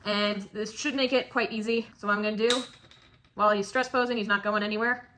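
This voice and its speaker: A woman's voice: medium pitch, steady tone, a little fast, background noise. A young woman keeping tarantulas, giving a casual, chatty how-to tutorial with emphatic points and cooing asides. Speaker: tarantula keeper demonstrating shipping.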